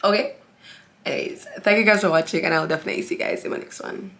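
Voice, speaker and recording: A woman's voice: on the low side, fairly even intonation, rapid-fire, creaky, fairly bright tone. A woman beauty vlogger chatting casually to camera, candid and talkative, often calling out to her viewers. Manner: chatty and candid, addresses viewers as guys, frequent fillers.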